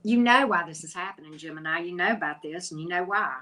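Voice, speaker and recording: A woman's voice: fairly low pitch, quick pace, bright, forceful tone, rough recording. A woman hosting a live tarot stream, chatty and teasing, greeting viewers by name as she reads the cards. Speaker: tarot reader hosting a livestream. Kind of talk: casual livestream chat.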